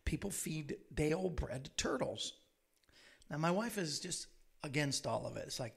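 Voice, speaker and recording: A male show host who tells rambling, chatty stories and chuckles at his own punchlines. His voice sits high for a man and has a gravelly edge. His pitch swings widely as he talks. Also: sing-song, a little slow. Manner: rambling storyteller, laughs at own jokes. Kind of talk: casual chat.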